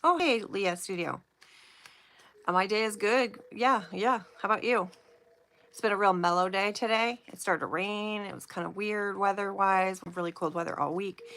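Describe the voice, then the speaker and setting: A woman hosting a casual live stream, chatting and giggling with viewers while slowly reading out oracle card phrases. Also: medium pitch, a bit bright.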